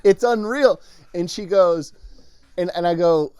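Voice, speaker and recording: A man co-hosting a comedy podcast, telling a crude story in a casual, animated way with frequent laughter. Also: on the high side, brisk, clean tone. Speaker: podcast co-host.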